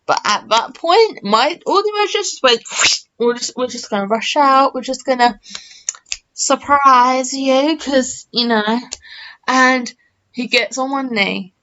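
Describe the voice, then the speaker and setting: A woman's voice: on the high side, a bit bright. Chatty young woman, muffled mic. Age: early 20s. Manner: chatty, rambling, many fillers and restarts. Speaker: gaming channel host. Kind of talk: casual storytelling to camera.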